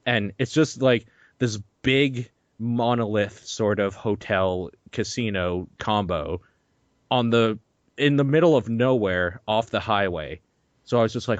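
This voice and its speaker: A young man with a lowish voice tells a story on a podcast, animated and profane, laughing as he goes. The sound is dry and a little dull, like a lo-fi home recording. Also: moderate pace, dry recording. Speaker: podcast host. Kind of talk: casual chat.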